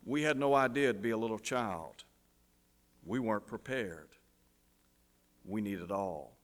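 A man voicing a grave, gentle old male doctor, speaking softly and low. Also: measured pace, natural voice. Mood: grave, hushed. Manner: soft, lowered delivery. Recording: long hall reverb.

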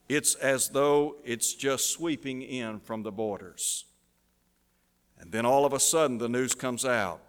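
Male preacher telling a dramatic story, goes quiet for effect, lots of hall reverb. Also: mid-range voice. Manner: dramatic, drops to a hush at emotional peaks. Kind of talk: sermon illustration, storytelling.

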